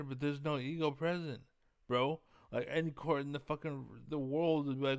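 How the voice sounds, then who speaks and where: A man's voice: a little high, fairly even intonation, normal speed, dry recording. A young man vlogging in a heated, profane, rambling rant full of fillers. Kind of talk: casual rant to camera.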